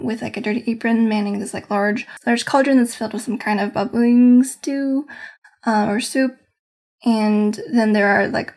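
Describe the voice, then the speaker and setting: A woman's voice: fairly high pitch, darkish tone. A woman game master casually recounting her tabletop session, meandering and hedging as she searches for words.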